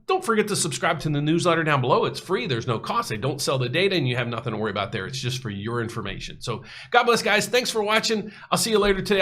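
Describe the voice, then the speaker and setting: A mortgage broker hosting his own show, casually explaining rate charts. He talks earnestly and folksily, restarts often and lets his pitch bounce up and down. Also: fairly bright tone. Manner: pitch jumps up and down often, repeats words and restarts.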